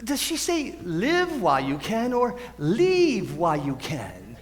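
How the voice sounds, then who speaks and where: A lonely, wistful stage narrator, played by a young man, who rambles and interrupts himself as he confides in the audience. His voice sits high and swings widely in pitch. A long hall reverb hangs on every line. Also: wildly swooping pitch, takes it slowly, exaggerated voice. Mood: confiding. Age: teens. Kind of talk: high school stage musical. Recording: stage mic in a reverberant auditorium.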